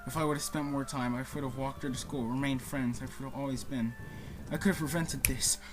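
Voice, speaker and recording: A man's voice: mid-range voice, flat delivery, fairly quick, noisy background. A man playing through a story game, reading the on-screen text aloud and reacting emotionally to what happens. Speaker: let's play gamer. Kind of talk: game playthrough commentary.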